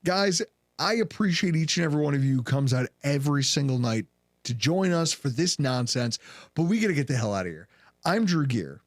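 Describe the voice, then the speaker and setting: Lively joking male podcast host. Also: fairly high pitch, fairly quick, no room sound, clean studio sound. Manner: joking, animated storytelling. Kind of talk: casual banter.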